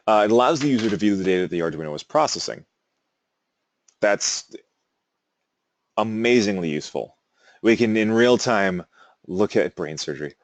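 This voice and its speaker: Male teacher, low voice, dry close recording, relaxed and chatty with digressions. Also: no room sound. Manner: casual, rambling, self-amused asides. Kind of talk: classroom lecture.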